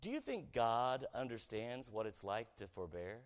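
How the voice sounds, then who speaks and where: Pastor preaching with big swings in volume. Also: male voice, medium pitch, big pitch swings, moderate pace. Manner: conversational, asks the congregation questions, swings from loud to hushed. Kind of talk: sermon.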